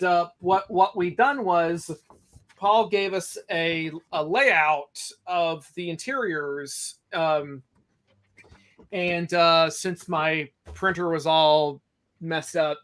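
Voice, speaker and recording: A man's voice: sits high, fairly bright tone. Rambling, self-mocking man. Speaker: comic artist. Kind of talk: casual livestream chat.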